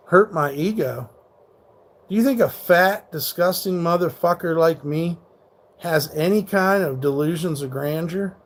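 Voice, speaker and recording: Combative, profane male livestreamer, higher voice. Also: a little slow. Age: 30s. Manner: combative, profane, rants back at hecklers. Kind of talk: live stream, answering chat.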